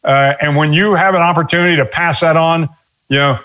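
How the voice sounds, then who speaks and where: An older man speaks in an interview, thoughtful and measured, often pausing to reach for the next word. His voice sits a little high for a man and rings bright and forward. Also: steady tone. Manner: measured, with frequent pauses and fillers. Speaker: guest. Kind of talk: reflective interview storytelling.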